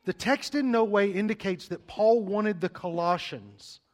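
A middle-aged man preaching from the pulpit in a fairly high voice. He drives his points home emphatically and tumbles over repeated words when he gets going. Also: measured pace. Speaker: pastor. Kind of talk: sermon.

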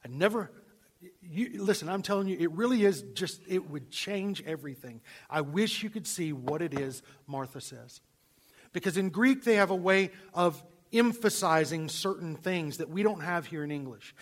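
A male pastor preaching a sermon, swinging from loud emphasis to hushed, near-whispered lines. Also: fairly high pitch, animated, moderate pace.

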